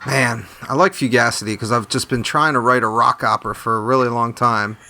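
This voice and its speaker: Dude rambling jokes on a comedy podcast, kinda sharp bright voice. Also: male voice, mid-range voice, brisk, gravelly. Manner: rambling, deadpan absurd jokes. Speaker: podcast panelist.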